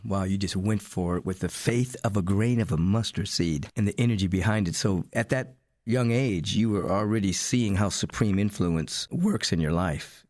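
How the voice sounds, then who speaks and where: Male radio host, low voice, dry studio sound, affirming interviewer. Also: normal speed, a little mellow, no room sound. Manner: affirming, prompting questions.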